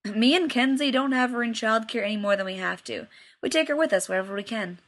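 A woman's voice: a little high, quick pace, close to an everyday voice. A woman reading aloud and voicing a cocky, crude young man who teases his friend. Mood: teasing. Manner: loud, mocking, swearing freely.

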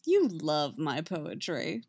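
A woman's voice: low-pitched, wildly swooping pitch, slow pace, creaky, darkish tone, slightly rough, no echo, clean studio sound, heavily acted. A woman voicing a playful, affectionate young male bard.

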